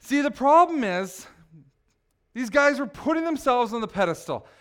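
Lively, high-voiced male pastor preaching. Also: normal speed, smooth. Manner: animated, teasing, conversational preaching. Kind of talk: sermon.

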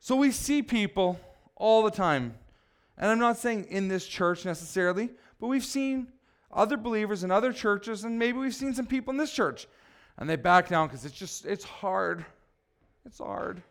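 A middle-aged man preaching a blunt, exhorting sermon, swinging between loud pushes and quiet asides. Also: high voice, animated, moderate pace, smooth.

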